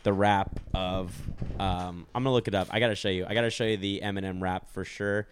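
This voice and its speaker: A man's voice: sits low, steady tone, fairly quick, slight background noise. A man hosting a podcast, chatting casually in a rambling, jokey way with lots of fillers. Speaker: podcast host.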